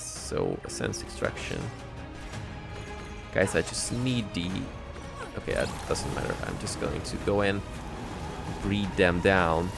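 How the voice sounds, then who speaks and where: Low, gravelly man commenting on gameplay. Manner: joking, reads upgrade text aloud. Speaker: gaming channel host. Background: game music.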